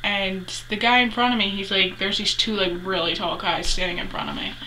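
A woman's voice: medium pitch, expressive, a little fast, pushed and bright, a little hiss or hum, poor audio. A young adult woman chatting casually as a vlogger, retelling a story with lots of 'like' fillers.

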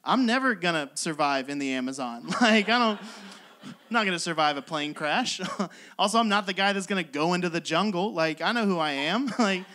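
Stand-up guy, young, high and bright tone, exasperated self-deprecating bits, stage mic in a club. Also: animated, a little fast. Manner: exasperated, self-mocking storytelling with frequent laughs. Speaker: stand-up comedian. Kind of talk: stand-up comedy set. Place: comedy club stage with live audience.

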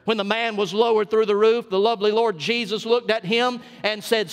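High-voiced Southern preacher in echoing church. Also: male voice, steady tone. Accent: South Georgia Southern US. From South Georgia, US. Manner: folksy, emphatic preaching with drawn-out punch lines. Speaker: senior pastor. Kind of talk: sermon. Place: church sanctuary. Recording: long church reverb.

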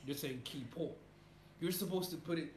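A man hosting and playfully coaching pronunciation, laughing, patient, demonstrating sounds slowly. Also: a little high, darkish tone. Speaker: host coaching name pronunciation. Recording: roomy echo with background noise.

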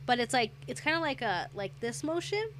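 A woman's voice: a little high, big pitch swings, a little fast, a bit bright, a little hiss or hum. A young adult woman streamer chatting casually while gaming, rambling through a story and getting sidetracked by the game.

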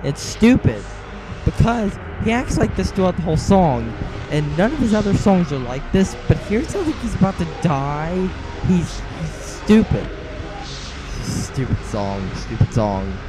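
A man's voice: high voice, big pitch swings, unhurried, over music, rough recording. Indignant young man ranting on webcam. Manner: indignant, scornful, keeps repeating "stupid". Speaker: channel host. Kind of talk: webcam rant. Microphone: small webcam.

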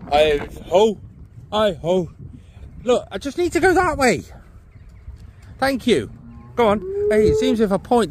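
A man, chatting casually as a van-life vlogger outdoors and talking to cows. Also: high-pitched. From United Kingdom. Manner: chatty, talks to cows and laughs. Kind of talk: casual vlog commentary. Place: outdoors by a van in wind and farm field. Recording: windy outdoor noise.

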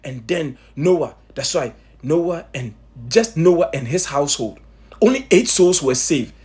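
A man's voice: on the high side, unhurried. A man preaching with urgent emphasis, repeating himself, stammering restarts and asking his listeners rhetorical questions. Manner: stammering restarts when excited. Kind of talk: impassioned sermon commentary.

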